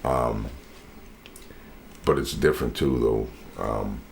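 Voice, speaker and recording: A man with a Nova Scotian accent and a deep, bassy, raspy voice, chatting loosely as an interview guest. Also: slow pace, a little hiss or hum. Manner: laid-back, loose and rambling. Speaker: rapper and voice actor guest. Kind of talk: casual interview chat.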